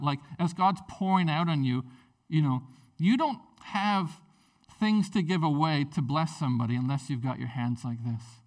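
A male pastor preaching a sermon in a conversational, animated way, with frequent fillers and restarts. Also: fairly high pitch, normal speed, far from the mic.

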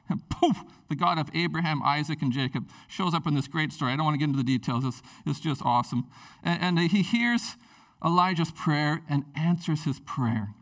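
A man preaching a casual, excitable sermon, chatty and animated. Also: a little high, brisk, recorded from a distance. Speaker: pastor.

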